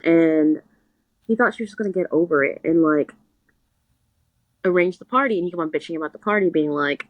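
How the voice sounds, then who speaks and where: A woman's voice: lowish voice, a little fast, no echo, highs cut off. A young woman co-hosting a podcast, recapping a book in casual chat and acting out what the characters say. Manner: animated storytelling, quotes characters in little voices. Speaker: podcast co-host.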